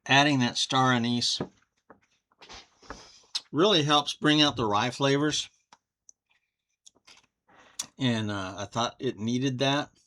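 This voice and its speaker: Man, bright voice, easygoing, talks through his drink as he goes. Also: mid-range voice. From Texas. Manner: folksy, unhurried, thinks aloud. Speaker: whiskey reviewer. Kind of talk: casual home review.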